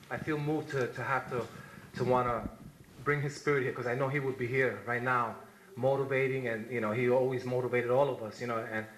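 A man's voice: mid-range voice, fairly bright tone, echoey room, a little hiss or hum, rough recording. A man giving an impassioned tribute at a community gathering, repeating himself and reading his own poem. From New York. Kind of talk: spoken memorial remarks and poetry reading.

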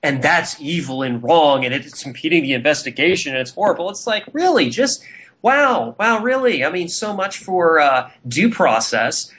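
A man hosts a talk radio program, ranting with indignation. He rambles quickly, piling up fillers and restarts as he makes his case. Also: a little high, sing-song, fairly bright tone. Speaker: radio show host.

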